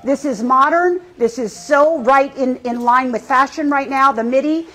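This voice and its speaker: A woman's voice: sits high, normal speed, a bit bright, poor audio. A middle-aged woman hosting a live fashion show, gushing and effusive as she shows off outfits.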